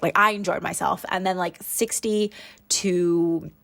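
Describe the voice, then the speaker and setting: A woman's voice: on the low side, steady tone, measured pace, fairly bright tone. A young woman chatting casually in a home voiceover about her planner and week, rambling and self-deprecating. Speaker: planner vlogger. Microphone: home voiceover mic.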